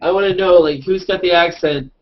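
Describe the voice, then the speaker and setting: A man hosting a casual group video chat, joking and rambling with quick asides. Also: high-pitched, a little hiss or hum. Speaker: host and hangout organizer. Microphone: video call. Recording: dull lo-fi video call audio.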